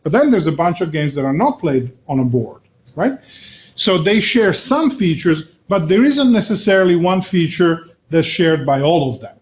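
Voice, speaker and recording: A middle-aged man giving a university lecture, often checking in with "okay?" and "right?" and pausing on filler sounds. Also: a little high, very animated. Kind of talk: classroom lecture.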